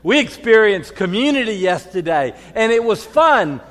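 An older man, preaching a folksy sermon as priest, moving from quiet reflection to loud storytelling. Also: high voice, very animated, moderate pace. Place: church. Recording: long reverb of a church hall.

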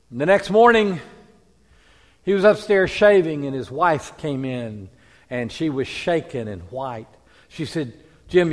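A man preaching a sermon as a pastor, telling a story with hushed quiet passages and rising emphatic peaks. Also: high voice. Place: church sanctuary. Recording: long hall reverb.

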